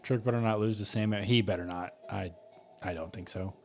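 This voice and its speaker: A man's voice: lowish voice, steady tone, normal speed, gravelly, a little mellow, soft background music. A man hosting a live wrestling watch-along, chatting and joking as he reacts to the show. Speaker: wrestling stream host.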